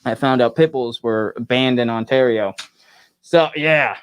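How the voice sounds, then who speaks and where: A man's voice: mid-range voice, a little slow, clean tone. A man, a pro wrestler guest, telling a rambling story in casual podcast chat, laughing often and acting out what others said.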